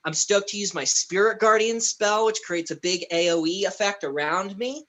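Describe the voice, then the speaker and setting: A woman's voice: medium pitch, moderate pace, a bit bright. A woman playing a tabletop game, describing her character casually with hesitant restarts. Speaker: player.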